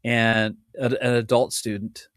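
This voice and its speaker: Middle-aged guy w hiccups rambling on a podcast, mid pitch, dry sound. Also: flat delivery, unhurried, fairly bright tone, no room sound. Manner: rambling, self-interrupting, laughs often. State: has the hiccups. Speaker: podcast host and drum teacher. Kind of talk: casual chat.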